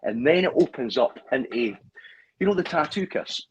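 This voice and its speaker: A man's voice: on the high side, moderate pace, highs cut off. A Scottish man in casual stream chat, his voice rising and falling a lot as he tells stories. He laughs often, and the sound comes through a phone with faint background noise. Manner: animated storyteller, laughs often. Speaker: livestream co-host.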